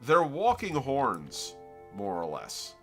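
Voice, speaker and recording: A man's voice: medium pitch, wildly swooping pitch, slow pace, soft background music. A man with a Floridian accent, chatting casually and rambling as he explains his drawing on a live stream. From Florida, United States. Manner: rambling, self-interrupting, explains as he draws.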